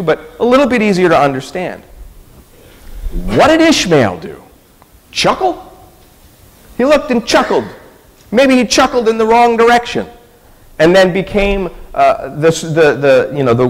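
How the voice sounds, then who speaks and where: His voice sits high, swings widely in pitch, and runs a little fast as this man delivers a conversational sermon in a church sanctuary. The large-hall sound surrounds him as he keeps asking his listeners rhetorical questions.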